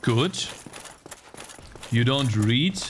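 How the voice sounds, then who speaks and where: A man streaming live gameplay, chatting to viewers and reacting excitably. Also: medium pitch, drawn-out words, slight background noise. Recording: game music underneath.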